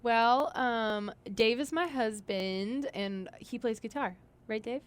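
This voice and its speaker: Hoarse woman singer chatting softly. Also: a little high, slow pace, no room sound. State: hoarse from a lost voice. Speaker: singer and band leader. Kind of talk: casual interview chat. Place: radio studio.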